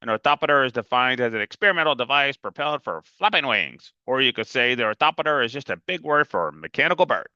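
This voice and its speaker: A man's voice: medium pitch, expressive, fast talker, hardly any pauses, pushed and bright, no echo, lo-fi sound. A man reading aloud and voicing a tiny, brainy boy who talks like a dictionary, formal and precise. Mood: lecturing.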